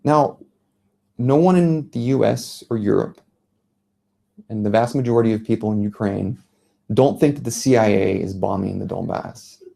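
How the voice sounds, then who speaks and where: American man in his thirties, mellow tone, earnest speaker at a lecture. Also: fairly low pitch, vocal fry. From United States. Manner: earnest, measured storytelling. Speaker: journalist giving a talk. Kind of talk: public speech. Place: lecture venue.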